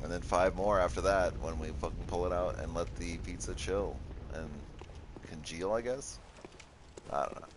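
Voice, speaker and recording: A man's voice: low-pitched, moderate pace, noisy background. A man giving casual let's-play commentary, joking, laughing often and talking back to his viewers. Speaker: gaming commentator.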